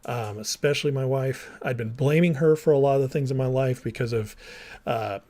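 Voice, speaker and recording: A man's voice: medium pitch, a little fast, warm tone. A man who was a minister and counselor tells his own story to viewers in a candid, rambling way, often saying "like," restarting sentences and acting out remembered dialogue. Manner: heavy use of "like" and restarts. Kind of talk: personal storytelling monologue to viewers.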